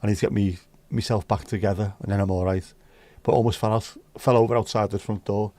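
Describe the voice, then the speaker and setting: A man's voice: fairly low pitch, steady tone, fast, dark tone, no room sound. A man from the United Kingdom hosting a casual livestream chat, talking bluntly and swearing freely. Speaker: livestream host.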